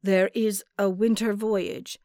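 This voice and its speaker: A woman's voice: mid-range voice, level tone, slow pace, dark tone, no echo, studio quality, close to an everyday voice. Woman voicing a weary, pleading sailor man. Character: weary bound male sailor servant.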